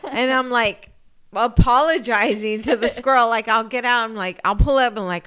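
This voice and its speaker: A woman's voice: a little high, steady tone, normal speed, a bit bright, smooth. A woman in her thirties co-hosting a casual podcast, blunt and profane, laughing a lot. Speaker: podcast co-host. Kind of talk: casual chat.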